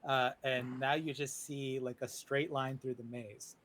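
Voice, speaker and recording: A man running a tabletop game as dungeon master, telling the story in an unhurried way with many fillers. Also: mid-range voice, flat delivery, a bit bright, slight background noise. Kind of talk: narrating a tabletop game over a video call.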